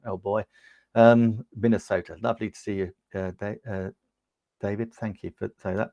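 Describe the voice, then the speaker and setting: An upbeat Englishman talks through a camera demo on his livestream, peppering it with ums as he chats to viewers. His voice sits fairly low. The sound is close and dry, from a lapel mic in a small home studio. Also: steady tone, moderate pace, vocal fry, dark tone, dry recording, highs cut off. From United Kingdom. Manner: chatty and upbeat, with frequent ums, talking to viewers in the chat. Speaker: livestream host demonstrating gear. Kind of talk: casual product demo on a livestream.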